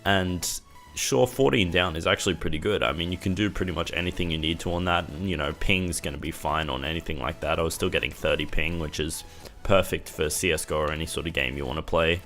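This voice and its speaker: A man's voice: a bass voice, a little fast, fairly bright tone, soft background music. A young man vlogging, ranting in an exasperated, casual way and swearing now and then. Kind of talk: casual rant to camera.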